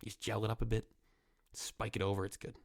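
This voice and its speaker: A young man with a cold telling a rambling comic story, full of fillers, sometimes jumping into squeaky voices for the people he quotes. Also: flat delivery, fast talker, gravelly, no echo, clean studio sound. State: nasal from a cold. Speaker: comedy podcast host.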